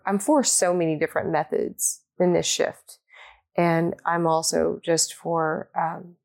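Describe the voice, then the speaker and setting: A woman with a fairly low voice speaks in a relaxed, thoughtful conversation. She talks quickly and stumbles through repeated words as she gets going. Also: vocal fry. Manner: quick, repeats words when starting sentences. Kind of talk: casual reflective conversation.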